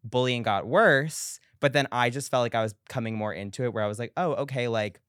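A man's voice: mid-range voice, brisk, clean tone, no echo, clean studio sound. A young man as a podcast guest in casual chat, telling stories animatedly and acting out quotes. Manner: animated storyteller, acts out quotes.

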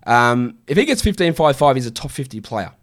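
Brief: man in his thirties, livestream Q&A host, blunt and sweary, quick to rant. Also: medium pitch, very animated. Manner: blunt, swearing, exasperated rants. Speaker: fantasy basketball streamer answering viewer questions. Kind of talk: casual livestream Q&A.

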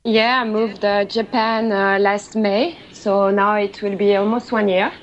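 A woman with a French accent, a guest in a casual online chat, talking in halting English with fillers and a shy, apologetic manner. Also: mid-range voice, flat delivery, muffled recording, slight background noise. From France. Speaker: podcast guest.

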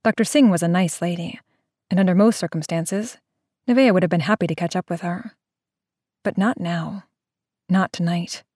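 A woman narrating an audiobook in a steady, unhurried, somber read on a close mic. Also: lowish voice, no echo.

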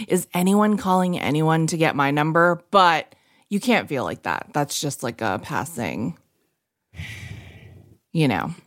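A woman's voice: deep voice, dry recording, clean studio sound. A woman co-hosting a podcast, rambling in casual chat with lots of fillers. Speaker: podcast co-host.

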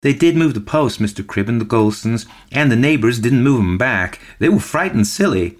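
A man voicing a shy countrywoman, the postmaster's wife, speaking softly and hesitantly. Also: medium pitch, animated, moderate pace, voice pushed up, natural voice. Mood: frightened. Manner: soft, hesitant.

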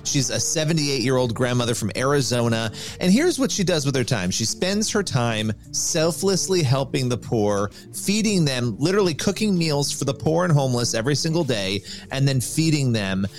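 A man who reports news, co-hosting a podcast and explaining a story in a steady, conversational way. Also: medium pitch, moderate pace, soft background music. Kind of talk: casual news chat.

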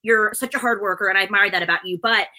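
A woman's voice: medium pitch, fast talker, bright, forceful tone, low-quality recording. A middle-aged woman, a presenter, chatting as an interview guest in a bubbly, chatty way. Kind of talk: casual interview chat.

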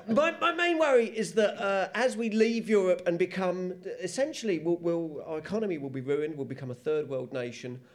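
A man, a comedian doing a wry, animated stand-up routine on a comedy panel show. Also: high-pitched, normal speed.

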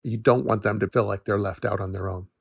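A man's voice: lowish voice, steady tone, quick pace, vocal fry, no echo. A middle-aged man hosting a podcast, talking in an earnest, reassuring way and laughing now and then. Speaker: podcast host, forest educator. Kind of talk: casual solo podcast talk.

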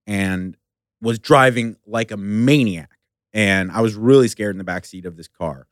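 Low-voiced man telling a rambling story. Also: no echo, studio quality. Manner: rambling, halting, profane storyteller. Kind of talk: casual storytelling chat.

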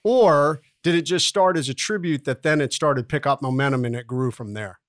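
A man's voice: medium pitch, a little fast, no echo, clean studio sound. Rambling male podcast host asking questions. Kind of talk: interview hosting.

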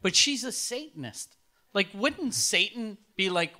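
A man in casual chat, joking and swearing, often pausing on fillers as he builds a bit. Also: high-pitched, lively intonation, pushed and bright.

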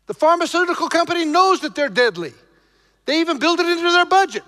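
A male pastor preaching emphatically to his congregation, shifting between loud exhortation and low, intense passages. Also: animated, fast, big-room sound. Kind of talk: preaching a sermon.

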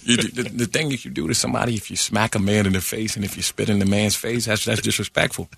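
A man doing an impression of a famous older male film actor, talking slowly and teasingly and tagging lines with "huh?". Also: fairly low pitch, fairly even intonation, gravelly, fairly bright tone, husky, dry recording, heavily acted. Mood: sly. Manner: slow, teasing, keeps asking "huh?". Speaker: comedian guest. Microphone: studio microphone.

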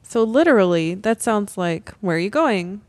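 Woman co-host, mid-pitched, relaxed teasing chat, dry close sound. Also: normal speed, no room sound. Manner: laughs easily, teasing. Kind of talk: casual chat explaining Japanese phrases.

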